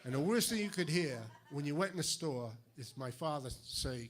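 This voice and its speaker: An older man from Fall River with a New England accent, doing a stand-up routine of deadpan one-liners with punchy timing. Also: mid-range voice, quick pace, hardly any pauses. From Fall River, Massachusetts. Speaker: stand-up comedian. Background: audience laughter.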